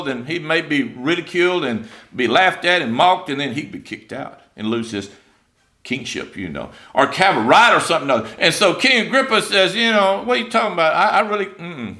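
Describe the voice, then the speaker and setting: A man's voice: fairly high pitch, sharp tone. A man preaching an informal sermon in a church, chatting through scripture and acting out the voices of biblical figures. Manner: conversational, acts out biblical voices, many fillers.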